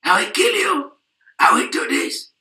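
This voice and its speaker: A man putting on the voice of a hot-headed male agitator who yells repeated threats and demands. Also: very high voice, sing-song, measured pace, reverberant, voice pushed up, exaggerated voice. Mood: mocking, shouting. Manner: yelling, repetitive.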